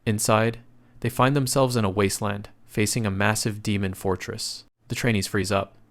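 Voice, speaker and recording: Male recap narrator, lowish voice, steady scripted storytelling read. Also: moderate pace.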